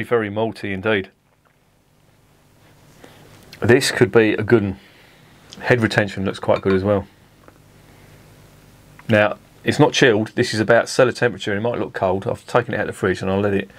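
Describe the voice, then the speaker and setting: A man's voice: fairly low pitch, steady tone, brisk. Sweary, rambling middle-aged man. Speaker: beer reviewer. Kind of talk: casual beer review to camera.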